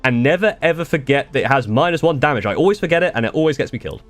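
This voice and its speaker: Faint music sits behind this very fast, lively-sounding young man from the UK, whose voice is mid-range and recorded with no room sound. He answers live-stream viewers casually, rambling with restarts and the odd curse.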